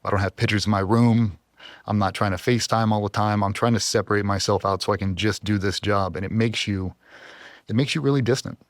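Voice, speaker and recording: A man in his forties with a low voice recorded dry and close on a studio mic. He tells hard stories with raw feeling and is fighting back tears. His delivery is earnest and heavy. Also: steady tone, a little fast, dry recording. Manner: earnest, emotional, trying not to cry. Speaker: podcast guest, former Navy SEAL. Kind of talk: emotional interview storytelling.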